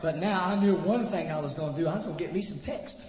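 Folksy preacher telling a story. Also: male voice, high-pitched, quick pace, a crowd in the background. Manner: folksy, repetitive, addresses audience directly. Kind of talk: humorous sermon storytelling. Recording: echoey hall, dull lo-fi sound, faint noise.

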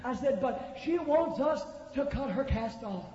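A man preaching a Pentecostal revival sermon, swinging from hushed storytelling to shouted preaching. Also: extremely high pitch, expressive, measured pace, a little hiss or hum. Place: large church sanctuary. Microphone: pulpit microphone. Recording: echoey, dull church recording.

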